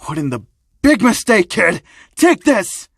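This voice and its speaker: A man doing a shrill panicky thug. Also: animated, normal speed, fairly bright tone, no room sound, studio quality. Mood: panicked. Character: excitable male thug, panicky and high-strung.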